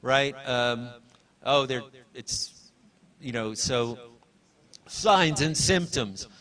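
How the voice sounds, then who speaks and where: In a university event hall, a man presents live at a library launch, talking at length, correcting himself, and giving instructions to helpers. He has a mid-range, expressive voice with a slightly bright quality and speaks very slowly.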